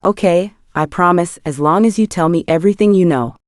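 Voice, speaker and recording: Woman playing a firm direct female manager, calm, audiobook, low voice, dry sound. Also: fairly quick, no room sound, lightly acted. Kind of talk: audiobook character voice.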